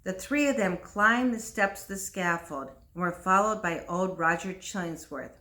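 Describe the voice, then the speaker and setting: A woman reading a graded storybook aloud in a clear, careful, measured way. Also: on the low side, sharp tone. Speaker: reader. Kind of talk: slow read-along storybook narration.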